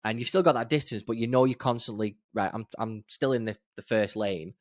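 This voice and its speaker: A man's voice: fairly low pitch, fairly quick, no echo, studio quality. A man co-hosting a podcast in casual chat, easygoing and emphatic, with sarcastic outbursts. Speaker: podcast co-host.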